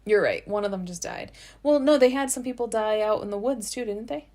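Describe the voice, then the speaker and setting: A woman's voice: medium pitch, brisk, a little mellow. A woman co-hosting a podcast, chatting casually as she recaps scenes and reads out lines of dialogue. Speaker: podcast co-host. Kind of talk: casual episode recap chat.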